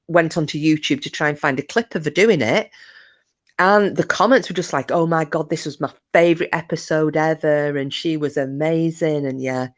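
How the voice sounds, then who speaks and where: A woman hosting a livestream, chatting casually and rambling as she answers viewer comments. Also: deep voice. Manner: chatty, rambling, chuckling asides. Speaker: livestream host.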